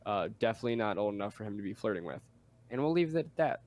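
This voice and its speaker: A young man with a somewhat low voice co-hosts a casual podcast. He tells stories bluntly, swears freely and jokes around. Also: animated, very fast, a little mellow, no room sound. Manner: blunt, swears a lot, jokey. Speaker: podcast co-host. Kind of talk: casual chat.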